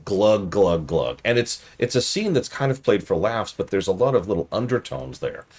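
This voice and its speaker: A man with a very low, husky voice does casual live-stream commentary on a game he is reviewing. His pitch moves around a lot as he rants at the game and talks to his chat. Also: expressive, brisk.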